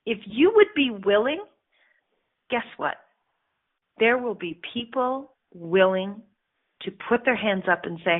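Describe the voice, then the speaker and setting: A woman's voice: mid-range voice, slow, pauses often. Woman radio host and life coach, brash, salty motivational talk, thin lo-fi phone-line sound. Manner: blunt, swears, animated with laughs. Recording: phone-like narrow band audio.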